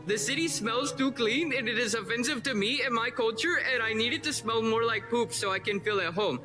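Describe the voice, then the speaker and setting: A man's voice: extremely high pitch, brisk, bright, forceful tone, faint music behind. A man putting on a mocking caricature of an Indian immigrant man, in an exaggerated fake accent, speaking at a public meeting. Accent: put-on mock Indian accent. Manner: exaggerated, fawning, absurd speech. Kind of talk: satirical public comment at a meeting.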